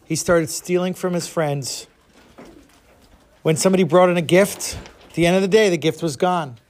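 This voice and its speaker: A man telling a story to a group of children, expressive, with dramatic pauses. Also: high voice.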